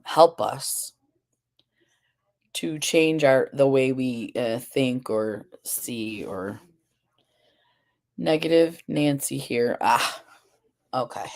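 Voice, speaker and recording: A woman's voice: rumbling low, darkish tone. A woman hosting a live stream, chatting casually with viewers, rambling a little with fillers and restarts, a bit groggy. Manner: addresses viewers and the chat directly. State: groggy, sleepy. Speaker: livestream host.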